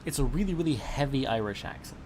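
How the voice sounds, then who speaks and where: A man's voice: mid-range voice, lively intonation, fast talker. A man chatting during an online tabletop game, joking with the group. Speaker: player. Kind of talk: tabletop game chat over voice call. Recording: noisy mic.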